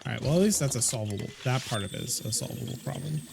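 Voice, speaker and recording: Over a noisy background, a man streams a game live, his medium-pitched voice animated, racing, and creaky. The talk is casual live-stream chat: he rambles, addresses his viewers, and frequently corrects himself.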